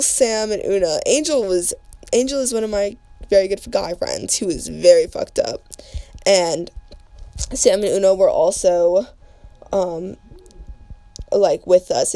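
A woman's voice: medium pitch, dark tone, no room sound. Rambling young woman telling a story. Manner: rambling, filler-heavy, slangy storytelling. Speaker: podcast host. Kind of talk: casual storytime chat.

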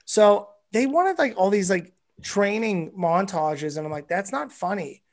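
Male comedian guest, high-pitched voice, animated and foul-mouthed storyteller. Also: measured pace. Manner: animated, profane, rambling. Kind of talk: casual storytelling.

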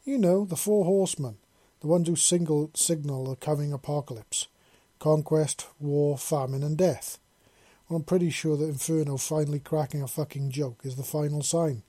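A man's voice: a little high, fairly even intonation, moderate pace, mellow, no echo, close to an everyday voice. A man reading a story, voicing a whiny, nervous young male soldier who turns dramatic. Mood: whining. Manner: whining, dramatic.

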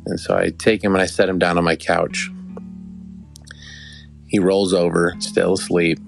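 A man's voice: deep voice, flat delivery, unhurried, creaky, soft background music. A young adult man hosting a podcast, telling a rambling, affectionate story with many restarts. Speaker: podcast host. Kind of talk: casual storytelling.

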